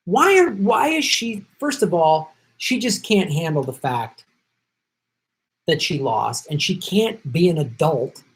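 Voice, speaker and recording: A man's voice: on the high side, sing-song, slow, a bit bright, rough recording. A man hosting a political commentary show, ranting with indignant sarcasm and emphatic repetition.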